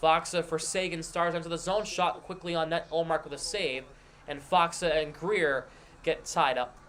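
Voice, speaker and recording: Brief: male stream host, fairly high voice, quick running hockey play-by-play, close mic. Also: steady tone, fairly bright tone, slight background noise. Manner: rapid, running call of each pass and shot, with asides to chat. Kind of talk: live hockey play-by-play over a scoreboard stream.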